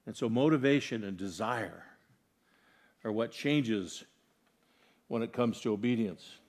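A man preaching a sermon, earnestly putting questions to his congregation and moving between loud, emphatic lines and soft, quiet ones. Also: on the low side, lively intonation, unhurried. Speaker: pastor.

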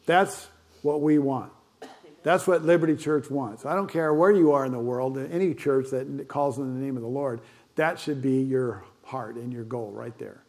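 A man's voice: medium pitch, moderate pace, a little mellow. An older man with grandchildren, a pastor giving a conversational sermon full of fillers and asides.

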